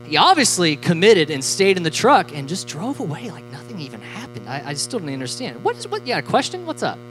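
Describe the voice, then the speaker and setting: A youth pastor preaching a casual, joking sermon, animated and full of fillers like "like" and "you know". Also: mid-range voice, fairly quick, soft background music, low-quality recording.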